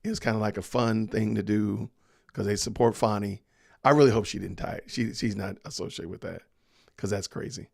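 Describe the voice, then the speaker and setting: Podcast host guy reading the chat, kinda raspy-fry voice, dead dry room, laughs a lot. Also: lowish voice, a little fast, no room sound. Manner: chatty, reads viewer comments aloud with laughs. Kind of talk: casual livestream chat.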